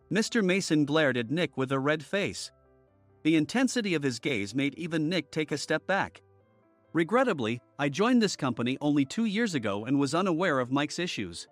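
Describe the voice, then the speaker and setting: A man narrating a first-person workplace story in an even storytelling manner. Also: on the high side, no echo. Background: faint music.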